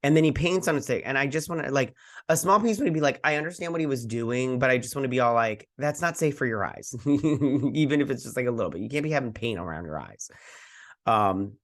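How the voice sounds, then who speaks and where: A man's voice: mid-range voice, fast. A man hosting a casual video review, retelling scenes in a rambling way with many fillers. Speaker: host.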